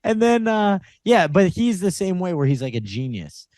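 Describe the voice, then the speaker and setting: A man's voice: sits high, very animated, moderate pace, darkish tone, no room sound, studio quality. A man co-hosting a comedy podcast in casual chat, rambling through his points with lots of fillers and frequent laughter. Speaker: podcast co-host.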